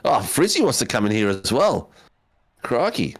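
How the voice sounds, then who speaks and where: A man's voice: mid-range voice, big pitch swings, moderate pace, slightly rough, no room sound. A man hosting a sim racing stream, joking and teasing with lots of fillers. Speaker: sim racing broadcast host. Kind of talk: casual banter on a stream.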